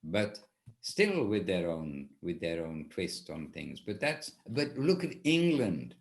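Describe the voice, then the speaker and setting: A man with a low, sing-song voice speaks slowly while teaching an informal class as a spiritual teacher. His talk rambles, with frequent self-corrections and restarts.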